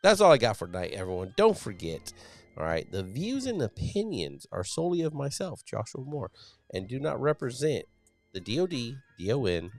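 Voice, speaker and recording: A man's voice: mid-range voice, a little mellow. A man in his thirties hosting a casual live show, talking bluntly with lots of swearing and restarts. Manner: blunt, profane, rambling with many restarts. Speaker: podcast host, Navy sailor. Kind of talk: casual live-stream talk.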